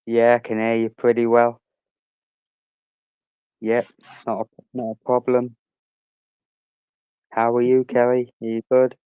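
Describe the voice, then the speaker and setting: A man's voice: medium pitch, completely flat delivery, a little slow, pauses often, mellow, clean tone, no echo, dull audio. A man hosting a casual live stream, chatting with viewers and greeting them by name.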